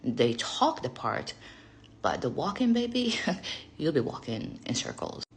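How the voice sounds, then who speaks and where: A woman vlogger talking casually to camera, sassy and profane, teasing her viewers, laughing often and swinging between hushed asides and loud emphatic bursts. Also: deep voice, sing-song, unhurried.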